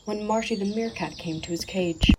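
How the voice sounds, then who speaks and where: Mellow woman reading a children's story. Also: medium pitch, moderate pace, a little hiss or hum. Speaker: narrator. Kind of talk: storybook narration.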